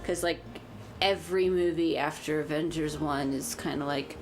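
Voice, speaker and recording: A woman's voice: sits low, steady tone, music in the background. A woman casually chatting and joking while playing a video game with her co-host. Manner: chatty, quick asides, laughs. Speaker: co-host of a gaming channel. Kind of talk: casual let's-play chat.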